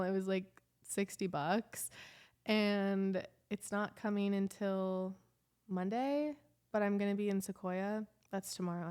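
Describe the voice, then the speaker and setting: A woman's voice: medium pitch, darkish tone. A young woman vlogging in a casual confessional chat, emotional and rambling, full of "like" fillers.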